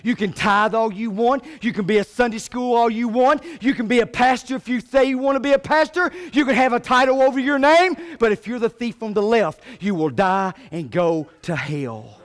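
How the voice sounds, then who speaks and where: A male pastor preaching a sermon, swinging between quiet talk and loud shouted climaxes. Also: extremely high pitch, a little fast, few pauses.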